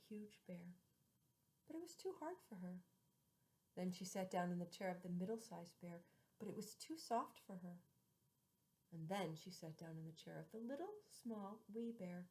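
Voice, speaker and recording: A woman storyteller with a mid-range voice reads a fairy tale aloud on a rough recording. She draws out repeated phrases and drops some words to a whisper.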